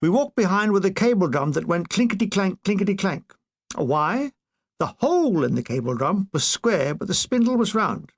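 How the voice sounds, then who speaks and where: A man reads a comic war memoir with dry, deadpan timing. His voice sits a little high for a man. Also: moderate pace, breathy edge. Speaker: audiobook reader.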